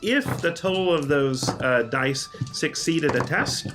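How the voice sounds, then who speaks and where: A man as game master, explaining the rules in a relaxed way with lots of ums and uhs. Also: fairly high pitch, unhurried, music in the background. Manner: relaxed, full of um and uh.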